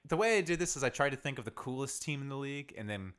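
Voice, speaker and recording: A man co-hosting a casual basketball podcast, animated and laughing often. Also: mid-range voice, fast, smooth. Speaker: podcast co-host. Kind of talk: casual sports chat.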